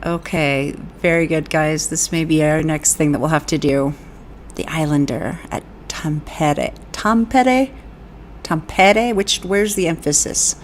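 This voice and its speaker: A woman vocal coach on a live-stream reaction, reading chat comments aloud with enthusiastic, breathy exclamations of awe. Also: low voice, steady tone, measured pace, slight background noise.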